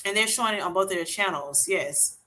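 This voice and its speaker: A woman hosting a casual livestream, reading viewers' comments aloud and telling animated stories with plenty of laughter and endearments like "honey" and "sweetheart". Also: mid-range voice, brisk. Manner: animated storytelling, laughs often; uses Southern-style endearments like honey and sweetheart. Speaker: livestream host reading chat.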